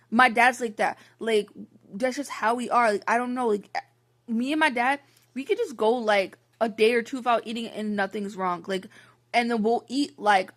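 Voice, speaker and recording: A woman's voice: fairly high pitch, fairly bright tone. A young adult woman telling a personal story to camera in a rambling, frank and exasperated way, full of "like" fillers. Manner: rambling, heavy use of "like" fillers. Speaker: vlogger. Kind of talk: candid storytime monologue.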